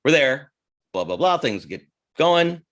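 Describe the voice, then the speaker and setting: A man with a sing-song voice on the high side, fairly bright, speaks at a measured pace as co-host of a casual podcast. He rambles through a crude anecdote, repeatedly cutting in on himself and beginning anew.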